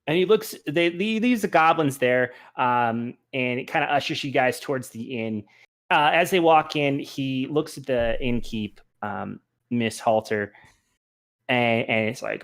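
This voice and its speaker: A man's voice: mid-range voice, measured pace, fairly bright tone. A man narrating a tabletop game as game master, casual and rambling, chuckling often. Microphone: voice chat.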